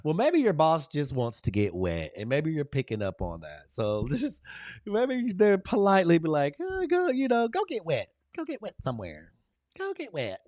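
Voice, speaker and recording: Hosting a live stream, a man greets viewers by name and drifts into motivational pep talks in a lively chat. His clear, resonant voice is animated and encouraging, swinging widely in pitch and loudness. The recording is dry and close, with no room echo.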